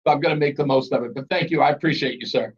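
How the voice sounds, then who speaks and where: A middle-aged man hosting a call-in talk radio show, chatty and quick to laugh as he banters with callers. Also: mid-range voice, slightly rough, highs cut off. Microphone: studio broadcast mic.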